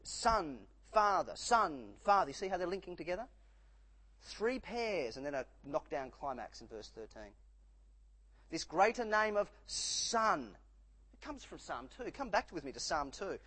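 A man preaching a sermon, emphatic, dropping low and rising again for effect. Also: big pitch swings, unhurried, bright, forceful tone, poor audio.

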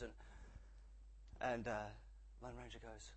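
A man's voice: mid-range voice, moderate pace, long pauses, husky. A middle-aged man giving a sermon, conversational, with many restarts and jokes. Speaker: preacher.

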